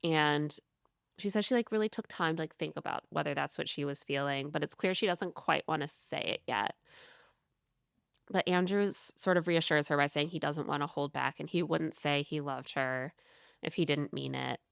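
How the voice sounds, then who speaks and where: Low gravelly-voiced woman podcaster. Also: moderate pace, no room sound, clean studio sound. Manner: chatty, recaps scenes with many "like"s. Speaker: podcast co-host. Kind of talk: casual recap chat. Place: home.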